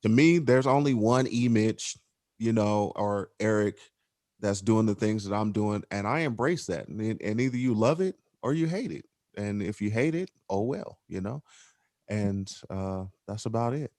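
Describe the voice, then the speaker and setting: Guy on a podcast, lowish voice, dry close sound, gets fired up. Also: moderate pace, no room sound. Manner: animated, emphatic, laughs things off. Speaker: podcast guest. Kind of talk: casual conversational podcast chat.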